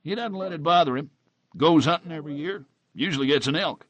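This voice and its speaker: A man's voice: a little fast, fairly bright tone, lightly acted. A man voicing a chatty small-town male bartender with a folksy, gossipy manner. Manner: folksy, gossipy, raised pitch.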